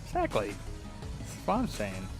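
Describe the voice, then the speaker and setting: A young man chatting casually as he fixes a controller, rambling through a story, swearing and mimicking people in a higher voice. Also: huge pitch swings, moderate pace, music in the background. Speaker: repair shop vlogger. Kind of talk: casual chat while repairing a controller.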